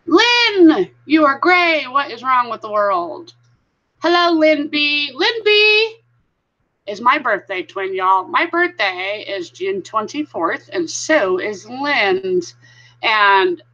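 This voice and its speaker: A woman with a bright, forceful voice chats her way through a live stream, greeting viewers by name in a friendly, talkative run. The sound is a little dull and lo-fi, as if from a modest home setup. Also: fairly high pitch. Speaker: vlogger hosting a live stream. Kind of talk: casual live-stream chat.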